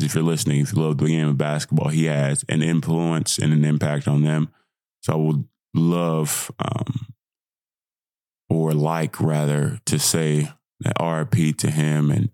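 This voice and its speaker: A young man with a hoarse voice, hosting a casual solo podcast, bursting into excited shouts and dropping back into calm reflection. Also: extremely low pitch, dry recording, studio quality. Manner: excitable, swings from hyped shouting to quiet reflection. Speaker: podcast host.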